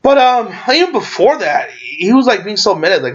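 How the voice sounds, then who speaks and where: A man's voice: high-pitched, lively intonation, moderate pace. A man recapping a movie in a casual, rambling way, full of fillers and restarts. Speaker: movie reviewer. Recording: dull lo-fi sound.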